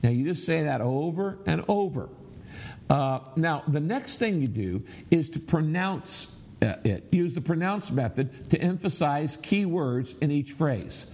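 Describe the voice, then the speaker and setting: Middle-aged preacher guy, kinda raspy voice pitched a bit high, teaching the crowd and getting everyone to say it with him. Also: animated, unhurried, darkish tone. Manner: instructive, leads the audience in reciting aloud; emphatic, repeats phrases for emphasis. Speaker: pastor. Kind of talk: sermon teaching to a congregation.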